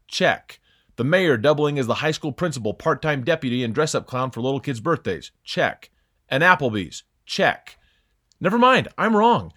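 A man's voice: mid-range voice, a bit bright. A young man hosting a scripted sports opinion segment, talking in a sarcastic, mocking way with theatrical emphasis.

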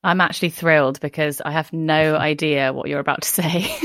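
A woman's voice: low voice, steady tone, moderate pace, fairly bright tone, no echo. A young woman hosting a podcast, chatting casually with lots of "like" and frequent giggles. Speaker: podcast host. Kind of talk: casual chat.

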